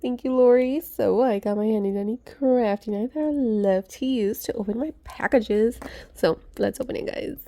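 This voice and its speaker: Excited woman, unboxing vlog, gushing and chatty, mellow voice, dry close sound. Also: a little high, normal speed, no room sound. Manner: gushing, chatty, many gasps and asides to viewers. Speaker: vlogger.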